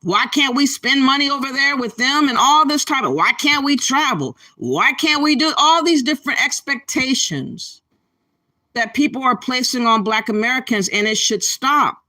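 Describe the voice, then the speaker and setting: A woman's voice: sits high, animated, normal speed, sharp tone. A woman hosting a commentary channel, talking bluntly and scolding her listeners, stretching words for emphasis. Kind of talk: opinionated commentary.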